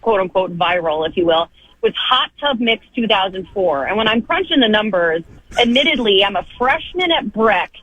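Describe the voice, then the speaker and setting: A woman in her thirties, a guest on a radio show by phone, telling stories with lively self-deprecating humor. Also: medium pitch, moderate pace, dry recording, rough recording. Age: 30s. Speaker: guest, football TV host. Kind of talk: casual radio interview by phone.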